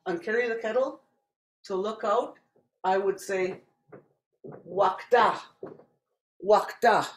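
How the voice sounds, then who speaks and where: Patient language teacher from Saskatchewan, mid-pitched, very slow delivery, roomy echo. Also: fairly even intonation. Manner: repeats each word slowly and deliberately, patient explaining. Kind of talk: slow spoken language lesson.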